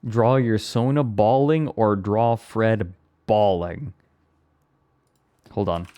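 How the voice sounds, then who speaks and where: A man's voice: on the low side, slow, warm tone. A man live streaming who chats casually, rambling and amused with himself. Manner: rambling, self-amused, breaks into laughter.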